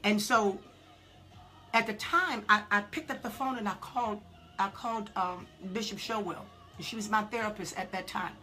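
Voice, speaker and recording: A woman preaching a sermon, telling a halting, emotional testimony and building to shouted preaching. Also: mid-range voice, faint music behind.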